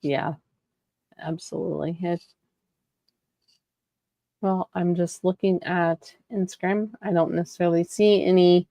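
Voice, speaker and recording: A woman's voice: on the low side, fairly even intonation, unhurried, pauses often, warm tone, no echo, clean studio sound. A woman co-hosting a casual podcast as a health coach, speaking in an easygoing, agreeable way with frequent "um" and "right?".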